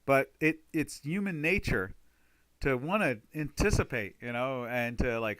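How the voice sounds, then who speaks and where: Chatty bright-voiced man hosting a webinar. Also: mid-range voice, animated, moderate pace, no room sound. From United States. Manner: chatty, rambling, exclaims loudly in frustration. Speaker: trading webinar host. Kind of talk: casual live webinar talk.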